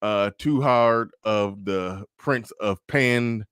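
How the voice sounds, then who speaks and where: A man's voice: lowish voice, takes it slowly, a bit bright, clear, resonant tone, no echo, studio quality. Emphatic man hosting a livestream. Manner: emphatic, repeats phrases and stammers on restarts. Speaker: livestream host reading super chats. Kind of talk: casual livestream commentary.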